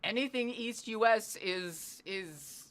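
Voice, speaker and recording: In a medium-pitched voice and at a slow pace, a Northwestern US streamer chats casually with viewers. They come across as animated and self-deprecating and don't hold back on swearing.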